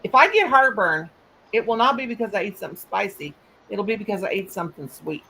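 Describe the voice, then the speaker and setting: A woman's voice: medium pitch, expressive, brisk, sharp tone, slight background noise, rough recording. A woman, hosting a casual live chat and telling folksy stories with a laugh. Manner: folksy storytelling, laughs often. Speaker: host, mother.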